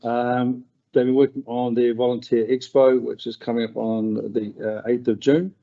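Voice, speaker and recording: Flat-voiced New man reporting. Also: mid-range voice, creaky. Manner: measured, halting report-back. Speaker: community board representative. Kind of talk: council meeting report. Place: council meeting room. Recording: dull lo-fi meeting recording.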